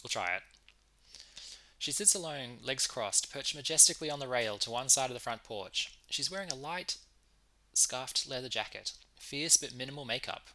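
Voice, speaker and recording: A let's play streamer reads a visual novel aloud, breaking off from the text for chatty asides as he plays. His mid-range voice is animated, pushed and bright, at a moderate pace. The recording quality is low.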